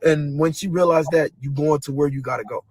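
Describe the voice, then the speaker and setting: A man earnestly telling a dramatic personal story, acting out booming noises as he goes. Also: steady tone, a little fast, slight background noise, poor audio. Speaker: guest telling a personal testimony.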